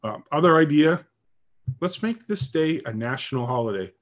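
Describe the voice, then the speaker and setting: A man's voice: on the high side, animated, normal speed. A man talking in a casual, rambling monologue, giving his opinions and often saying "like".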